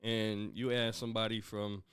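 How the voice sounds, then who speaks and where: A man in a casual podcast chat who talks bluntly and offhandedly, tossing in mock quotes. His voice is lowish and smooth, and the sound is dry and close. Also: little pitch movement, moderate pace, fairly bright tone, dry recording. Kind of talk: casual discussion.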